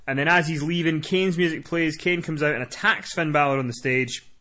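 Podcast co-host, man, bright and fairly high voice, animated wrestling recap. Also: fairly quick. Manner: animated, swearing, recaps in a rush. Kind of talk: casual wrestling recap chat.

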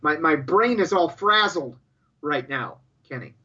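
A man's voice: a little high, lively intonation, unhurried, bright, forceful tone, breathy edge, muffled recording. A man co-hosting a podcast in casual banter, stammering and repeating words as he spins jokey tall tales. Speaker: podcast co-host. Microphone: headphones and studio mic.

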